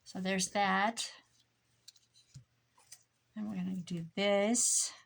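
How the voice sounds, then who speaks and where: A woman's voice: medium pitch, steady tone, very slow, creaky. A tired woman chatting casually to herself and her viewers while crafting at home, muttering and joking at her own expense. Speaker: crafting vlogger.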